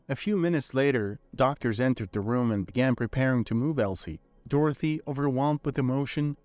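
Male storyteller, measured scripted narration, faint music bed. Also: medium pitch, darkish tone, no echo.

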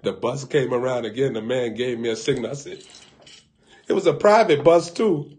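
Preacher guy joking around on a live stream, gets loud then goes real quiet, laughs at himself. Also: mid-range voice, moderate pace. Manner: animated, swings between loud bursts and hushed asides; colloquial, laughs at his own jokes. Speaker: prophet preaching on a live broadcast. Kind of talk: humorous sermon storytelling.

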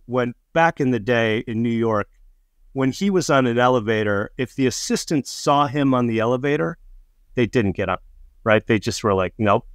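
A man's voice: medium pitch, clear, resonant tone, no echo, studio quality. A man casually telling a funny road story, acting out the voices of the people in it. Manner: animated, acts out quoted voices, laughs mid-story. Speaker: storyteller guest.

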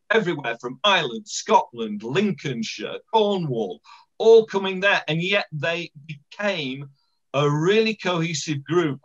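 A man giving enthusiastic, animated comments after a local-history lecture over a video call. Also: a little high. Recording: dull lo-fi call audio.

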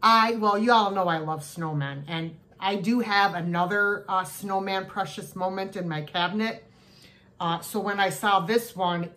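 A woman's voice: mid-range voice, a bit bright. A woman chatting casually to camera as she shows her yard sale haul, gushing over each cute find. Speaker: thrift haul vlogger. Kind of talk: casual show-and-tell chat.

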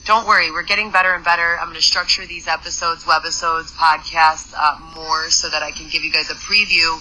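Podcast host, woman; chatty, restart-heavy delivery, emphatic in spots, sharp bright timbre. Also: low-pitched, steady tone, a little fast, slight background noise, poor audio. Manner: chatty, rambling, frequent fillers and restarts. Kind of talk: casual storytelling monologue.

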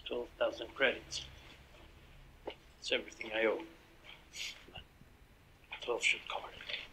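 A weary young rebel speaks in a hushed, gravelly voice with a raspy, sharp-edged tone. His quiet lines come from a drama series. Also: medium pitch, flat delivery, a little slow, full character voice, poor audio.

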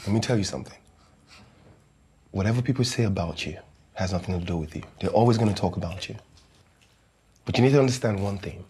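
Man playing a calm, encouraging actor. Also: deep voice, quick pace, pauses often, husky, exaggerated voice. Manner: calm, reassuring, casual American-style slang. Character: famous male actor visiting, encouraging mentor. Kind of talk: comedy series acting.

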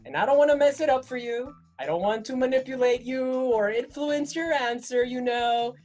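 A woman's voice: high-pitched, normal speed, a little mellow, soft background music. A woman hosting a casual interview, asking questions in an upbeat, playful way. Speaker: host.

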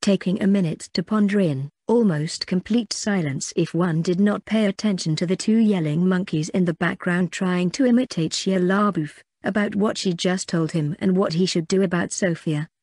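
A woman narrating an audiobook in a steady, even reading. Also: on the low side, moderate pace, few pauses, no echo, studio quality. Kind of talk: scripted narration.

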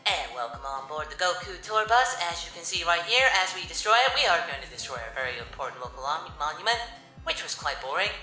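A performer voices Goku, the cheerful and dim-witted adult martial-arts hero, in comedic parody game commentary, talking about himself in the third person. His medium-pitched voice is pushed and bright, moving quickly with big pitch swings, and he's excitable and giddy, letting out childlike shrieks and whoops. Soft background music accompanies him.

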